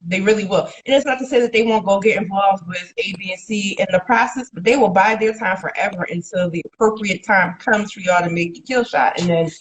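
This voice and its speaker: A woman's voice: mid-range voice, fairly quick, few pauses, low-quality recording. A young adult woman co-hosting a casual podcast, speaking candidly and laughing as she tells stories about friendships. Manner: candid, laughs as she talks, quotes others in big voices. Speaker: podcast co-host. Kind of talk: casual chat.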